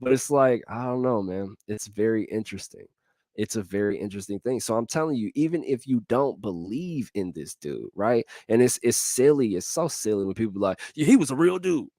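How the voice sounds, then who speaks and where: A man's voice: on the low side, animated, fairly quick, warm tone, dry recording. A man giving a casual motivational talk as host, in slangy speech that repeats its phrases and breaks into laughs between points.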